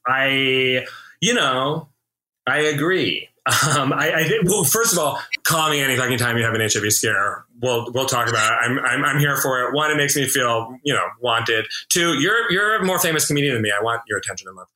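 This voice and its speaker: Man, podcast host, comedian, halting, repeats himself, bright edgy tone. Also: mid-range voice, animated, rough recording. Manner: halting, full of restarts and fillers. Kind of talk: casual podcast chat.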